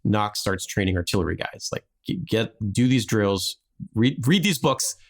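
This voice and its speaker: A man's voice: lowish voice, expressive, moderate pace. A man hosting a podcast, telling a history story in a rambling, casual way with frequent restarts and laughs.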